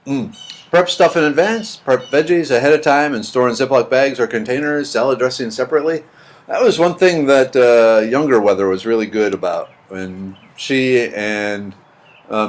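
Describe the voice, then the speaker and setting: A man's voice: mid-range voice, moderate pace. A middle-aged man hosting a livestream, chatting casually and answering viewers' comments in a rambling, repetitive way. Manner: chatty, rambling, repeats words. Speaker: livestream host reading chat. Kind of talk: casual chat.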